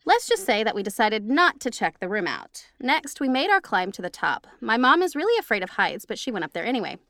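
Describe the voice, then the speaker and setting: A woman's voice: on the high side, sing-song, a little fast, fairly bright tone, no echo, studio quality. A woman co-hosting a podcast who reads listener stories aloud and laughs easily in chat. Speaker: podcast co-host.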